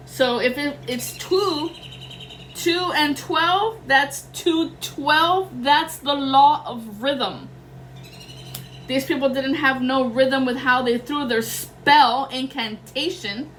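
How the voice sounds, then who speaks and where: A woman's voice: high-pitched, a bit bright, a little hiss or hum, low-quality recording. A young adult woman doing a casual tarot reading, rambling and slangy, swearing freely. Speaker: tarot reader.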